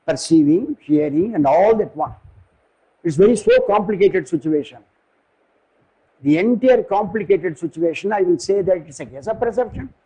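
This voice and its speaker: Older man, Indian English accent, philosophy lecture, rambling and halting, mellow husky voice, somewhat high. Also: lively intonation, rough recording. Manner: digressive, halting, searches for words.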